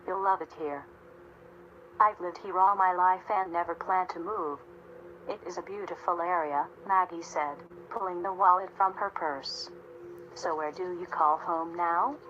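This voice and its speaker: A woman reading a story aloud in a steady, measured narration. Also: on the low side, highs cut off, a little hiss or hum. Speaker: audiobook narrator. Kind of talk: scripted narration.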